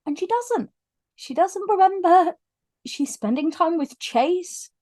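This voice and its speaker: Woman book vlogger, high voice, gushing and teary, lively casual retelling. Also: takes it slowly. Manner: frequent restarts when moved. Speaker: book reviewer. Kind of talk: casual book review vlog.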